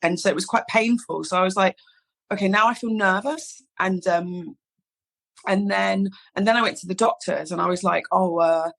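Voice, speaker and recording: A woman's voice: mid-range voice, fairly quick. A woman, a podcast guest telling a personal story in casual chat, acting out the dialogue. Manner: animated storyteller, acts out quoted dialogue, many "like"s. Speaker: podcast guest, hairstylist founder.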